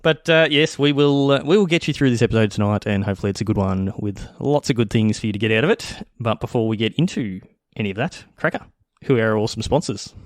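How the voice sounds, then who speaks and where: A man's voice: on the low side, lively intonation, fast talker, no echo, clean studio sound. A man hosting a podcast in casual chat, laughing often as he talks. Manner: laughs often while talking. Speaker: podcast host.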